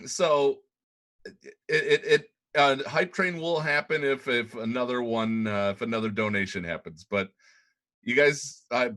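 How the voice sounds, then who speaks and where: A man's voice: medium pitch, a little slow, fairly bright tone. A man co-hosting a casual podcast, stammering often and laughing a lot. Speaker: podcast co-host.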